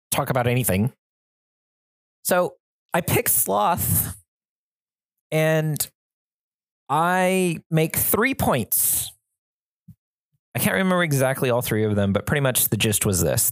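A podcast host telling a story in a frantic, chaotic, animated way, with self-mocking humor. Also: medium pitch, dry recording. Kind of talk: storytelling monologue.

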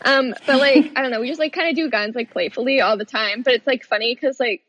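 Chatty higher-voiced woman, lo-fi dry sound. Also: quick pace, fairly bright tone, dry recording. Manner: chatty, many "like" fillers, laughs often. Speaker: podcast co-host. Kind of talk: casual chat.

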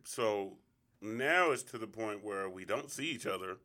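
A man's voice: on the low side, a little slow, pushed and bright. A man guest in a casual chat, laid-back and giving short agreeing replies.

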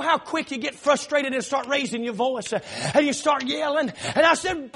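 A middle-aged man with a Southern accent preaching a sermon in church, telling a long story with frequent "uh" fillers and loud shouted peaks. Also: extremely high pitch, normal speed, few pauses. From South Carolina.

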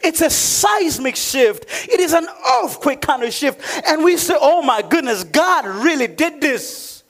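A man with a very high speaking voice preaches a sermon in an emphatic style. He asks his listeners questions and laughs often between points. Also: animated, a little slow. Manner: emphatic preaching with sudden drops to a low, joking aside voice. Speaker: pastor.

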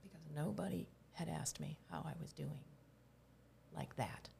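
Low, gravelly-voiced middle-aged woman. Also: normal speed, mellow, a little hiss or hum. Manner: reflective, open, drifts to a near-whisper. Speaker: guest, herbalist. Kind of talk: candid personal storytelling.

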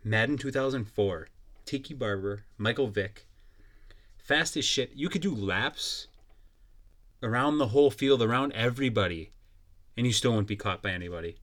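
A young man hosts a casual solo podcast, ranting bluntly with plenty of profanity and mockery. His voice is on the low side with a fairly bright tone.

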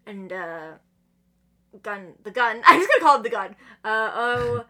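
A woman talks casually on a podcast, her bright voice swinging widely in pitch. She recaps a story with animated energy, slipping into the characters' lines and laughing often. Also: measured pace. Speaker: podcast guest. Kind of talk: casual chat recapping manga chapters.

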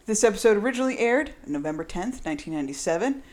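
A woman's voice: medium pitch, animated, very fast. A woman hosting a casual podcast, bubbly and rambling, laughing often. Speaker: podcast host. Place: echoey room.

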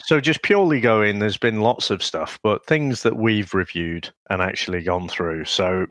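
A man's voice: fairly low pitch, unhurried, fairly bright tone, no room sound. A man from England co-hosting a comics podcast, chatting casually in a dry, teasing way. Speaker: podcast co-host. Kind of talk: casual chat.

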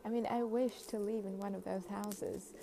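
A young woman from Ukraine, vlogging outdoors at a snowy train station in a halting, reflective way with many fillers. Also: mid-range voice, steady tone, vocal fry, crowd noise, rough recording. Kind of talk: casual personal vlog.

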